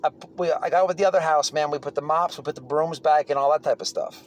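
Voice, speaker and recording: A man spins a casual, rambling tale in a somewhat high voice. He is blunt and swears freely, backing up to restart his sentences as he goes. A faint background noise sits under his voice. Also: steady tone, fast talker. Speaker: channel host telling prison stories. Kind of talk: casual storytelling monologue.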